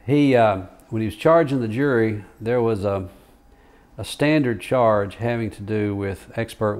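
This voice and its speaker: Older man, retired lawyer, anecdotal storytelling, mid-pitched voice, rambling with fillers. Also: darkish tone. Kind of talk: oral history interview storytelling.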